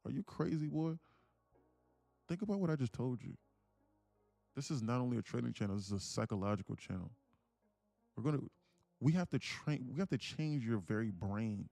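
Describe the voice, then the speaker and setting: Gravelly, dry-voiced man ranting on a livestream. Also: mid-range voice, animated, normal speed, pauses often, mellow, dry recording, faint music behind. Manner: emphatic, preachy, repeats himself. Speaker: day-trading livestream host. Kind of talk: live-streamed ranting sales pitch.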